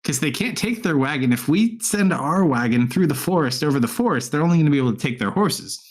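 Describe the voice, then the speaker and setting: A man playing a tabletop game in character, excitable and laughing often as he pitches ideas. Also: quick pace.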